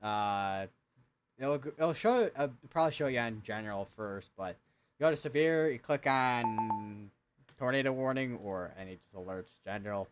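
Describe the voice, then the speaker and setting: A man's voice: lowish voice, lively intonation, normal speed, background noise. Young man calling live storm updates. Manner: casual, rambling, many fillers and restarts. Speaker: weather stream host. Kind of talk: live severe weather commentary.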